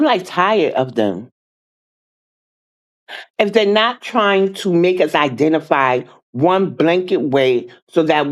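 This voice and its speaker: A livestream host talking slowly, sounding weary and indignant. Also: mid-range voice, poor audio. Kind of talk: livestream talk.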